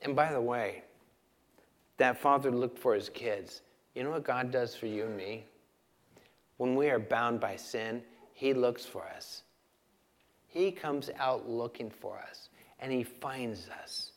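A man preaching a sermon, asking the listeners questions and swinging from loud emphasis to hushed, quiet lines. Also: mid-range voice, slow pace. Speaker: pastor.

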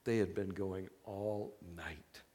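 A man preaching a sermon as earnest storytelling, moving between hushed, quiet passages and loud, excited bursts. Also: sits low, takes it slowly. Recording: long reverb of a hall.

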